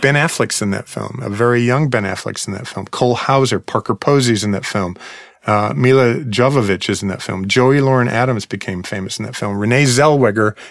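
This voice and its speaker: A man's voice: mid-range voice, brisk, vocal fry, dry recording, clean studio sound. A man co-hosting a casual chat about films, talking with enthusiasm and rattling off titles and actors. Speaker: co-host.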